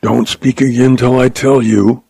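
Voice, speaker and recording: A man voicing a gruff Western outlaw who issues terse threats in a hoarse, croaking whisper. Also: medium pitch, flat delivery, measured pace, mellow, no echo. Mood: menacing.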